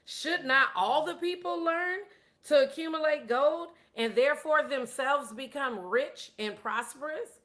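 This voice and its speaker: A woman's voice: sits high, measured pace, fairly bright tone, voice pushed up. A woman voicing an upset ancient king who is demanding answers, in a raised, exclaiming voice. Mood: earnest. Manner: exclaiming, pleading questions.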